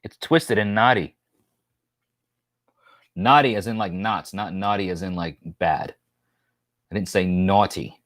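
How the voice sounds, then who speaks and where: Joking low-voiced man on a live stream. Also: unhurried, long pauses, fairly bright tone, dry recording, clean studio sound. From New York. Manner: joking, rambling, reads viewer comments aloud. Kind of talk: casual live stream chat.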